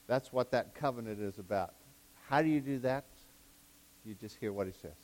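At normal speed and medium pitch, this man preaches a sermon with excitable energy. He veers from loud, fervent passages to quiet asides, laughs at his own jokes, and backpedals on his wording.

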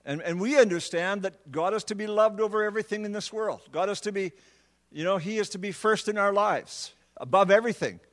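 A man preaching a sermon, repeating words as he restarts phrases and building to emphatic, drawn-out words on key points. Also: high-pitched, fairly bright tone, big-room sound.

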